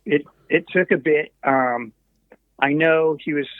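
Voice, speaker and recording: A man's voice: fairly high pitch, slow pace, dry recording. A man guesting as a recording engineer, telling casual stories in a meandering way, full of asides and restarts. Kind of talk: casual anecdotal storytelling. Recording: tinny phone-like call line.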